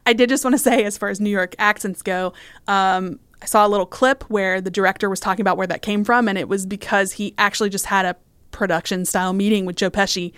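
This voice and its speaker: A woman explains her view of a film in a thoughtful, steady way. The recording is dry and close. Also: medium pitch, quick pace, clear, resonant tone, no echo. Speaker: podcast co-host. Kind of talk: casual film discussion.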